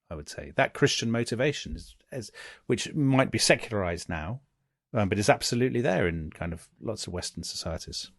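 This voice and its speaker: A man co-hosting a history podcast, chatting casually with wry, quick asides. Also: fairly low pitch, lively intonation, no echo, clean studio sound. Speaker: podcast co-host. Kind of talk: casual conversational history chat.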